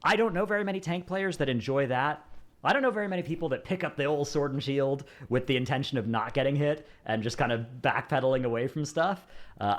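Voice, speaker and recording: A man talks quickly through casual game analysis. His voice sits at an ordinary pitch, and he speaks his strong, blunt opinions plainly. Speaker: commentator.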